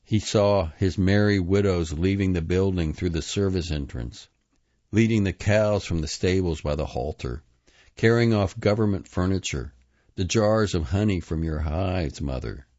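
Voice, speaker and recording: A man reading literary prose aloud in a measured, grave manner, sometimes restarting long words. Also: deep voice, darkish tone, no echo. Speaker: reader. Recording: dull, slightly lo-fi dry recording.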